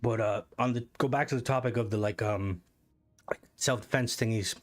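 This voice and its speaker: A young man from Ireland with a softened Irish accent, casually chatting on his livestream, rambling, swearing and greeting viewers as he reads their comments. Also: mid-range voice, normal speed. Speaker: streamer.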